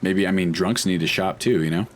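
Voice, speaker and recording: A man's voice: low voice, fairly quick, a little hiss or hum. A man casually commenting while playing a video game, chatty and wry, thinking aloud as he goes. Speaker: let's play host.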